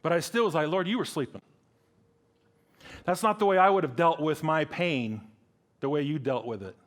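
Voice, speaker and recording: A middle-aged man preaching a sermon, animated and acting out dialogue in different voices. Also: brisk. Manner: animated, acts out dialogue with big pitch swings.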